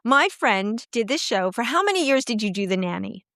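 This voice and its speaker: A middle-aged woman with a high voice hosts a loose, casual conversation. She tells bawdy, profane stories with plenty of laughter. The sound is dry, with no room echo. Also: very animated, moderate pace, fairly bright tone. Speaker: podcast host. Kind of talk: casual chat.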